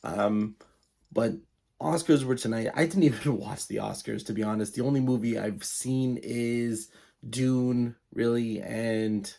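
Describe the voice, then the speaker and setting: A man's voice: medium pitch, measured pace, gravelly, warm tone. A man in his late thirties giving his opinion in a casual, chatty vlog, thinking aloud with frequent fillers. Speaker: YouTube reviewer.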